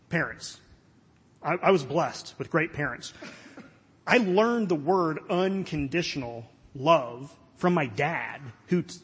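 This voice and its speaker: A fairly high, somewhat bright voice with a breathy edge belongs to a middle-aged pastor from Florida, USA. His sermon is conversational and earnest with light self-deprecating jokes, echoing in a long hall reverb.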